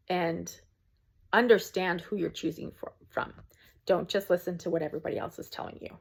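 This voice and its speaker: A woman's voice: on the low side, steady tone, normal speed, gravelly, breathy edge. A woman, a small content creator, talking to camera from home in an earnest, preachy rant with frequent ums.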